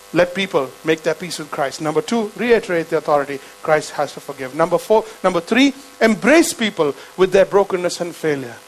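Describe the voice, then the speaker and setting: High-voiced man preaching emphatically. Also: a little hiss or hum, poor audio. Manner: emphatic preaching with repeated rhetorical questions. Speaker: pastor. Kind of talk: sermon.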